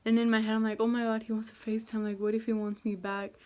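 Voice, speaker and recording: A woman's voice: a little high, level tone, quick pace, a little mellow. A young woman talking to camera in a casual storytime vlog, chatty and self-deprecating, with lots of fillers. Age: young adult. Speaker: vlogger.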